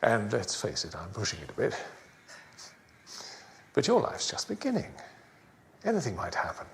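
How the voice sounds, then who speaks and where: An actor playing a courteous aging retired army captain with a bad leg, speaking in a polite, mild, understated way. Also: male voice, lowish voice, huge pitch swings, moderate pace, vocal fry, slight background noise, exaggerated voice.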